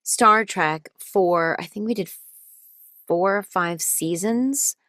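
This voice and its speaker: A woman's voice: medium pitch, takes it slowly, a bit bright, dry recording, clean studio sound. Woman voice actor chatting animatedly. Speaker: voice actor guest. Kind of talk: casual interview chat.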